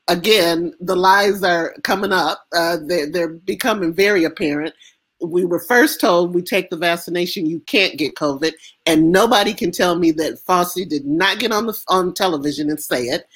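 American woman in an interview, fired up and emphatic, kinda low voice, lots of restarts. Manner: impassioned, emphatic, halting restarts. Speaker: interview guest. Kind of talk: emotional interview conversation.

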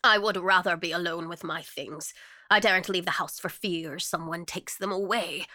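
A woman's voice: lowish voice, steady tone, moderate pace, bright, forceful tone, no room sound, studio quality. A woman voicing an eccentric, possessive old spinster in a spoken story, shifting between wistful whispers and jealous wails.

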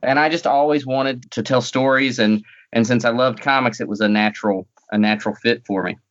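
A man's voice: mid-range voice, fairly quick, lo-fi sound. A man with a light North Carolina accent, a guest in a casual interview, talking with dry, self-deprecating humor.

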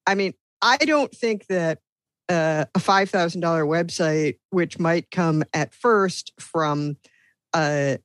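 A woman's voice: lowish voice, no echo. A woman on a podcast panel explaining her point carefully, with frequent uhs and you-knows. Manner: measured, filler-laden explaining. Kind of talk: casual panel discussion.

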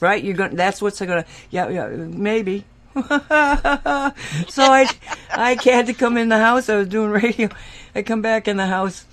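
A woman hosting a casual chat. She tells a rambling story, laughs often and acts out the people she quotes. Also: mid-range voice. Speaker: host.

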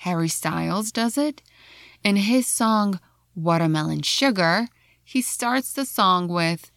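An American woman teaching English in a calm podcast lesson, explaining points with worked examples. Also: lowish voice, slow pace, no room sound, studio quality. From United States.

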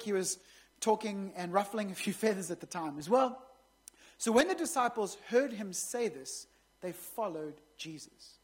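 A woman's voice: medium pitch, husky. A woman pastor preaching a sermon in a conversational way, with joking asides to the congregation.

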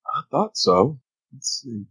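A man's voice: medium pitch, sing-song, slow pace, fairly bright tone, slightly rough, no echo, poor audio. A man co-hosting a podcast, chatting casually and filling in details about a TV episode. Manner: laid-back, fills in show details. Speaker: podcast co-host. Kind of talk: casual TV recap chat.

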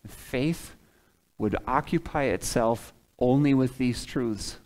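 A man preaching a sermon in a church, animated and emphatic, swinging from loud peaks to soft, low passages. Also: slow, rough recording. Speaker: pastor. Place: church sanctuary, away from the pulpit.

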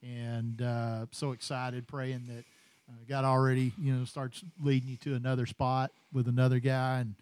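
A man's voice: mid-range voice, little pitch movement, moderate pace, darkish tone, clean tone, no room sound. A man with a Southern accent hosting a podcast, joking casually and thanking guests as he wraps up. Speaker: podcast host. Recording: faint music behind.

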